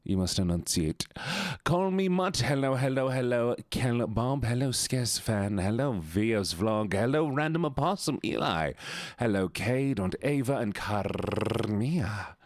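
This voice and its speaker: A man's voice: mid-range voice, animated, unhurried, dry recording, clean studio sound. A man livestreaming, chatting casually and teasing his viewers as he greets them one by one. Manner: playful, teasing, greets chat by name. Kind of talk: casual stream chat with viewers.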